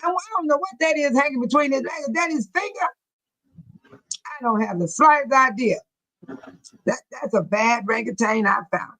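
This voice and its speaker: A woman's voice: high-pitched, moderate pace, pauses often, fairly bright tone, rough recording. Outspoken woman reacting to live chat. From Illinois. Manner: outspoken, reads chat aloud and reacts with blunt opinions. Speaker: livestream host reading viewer comments. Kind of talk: casual livestream commentary.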